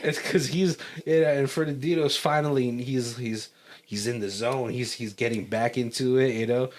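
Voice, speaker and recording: A man's voice: mid-range voice, steady tone, moderate pace. A man co-hosting a casual movie commentary podcast, rambling through a plot recap, often searching for words and laughing between thoughts. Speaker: podcast co-host.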